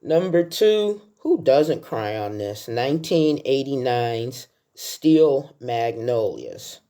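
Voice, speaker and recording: With a very deep, dark-toned voice, she speaks expressively at a slow pace. The woman, a film vlogger in her sixties, talks casually through a countdown of favorite films and tells heartfelt stories along the way.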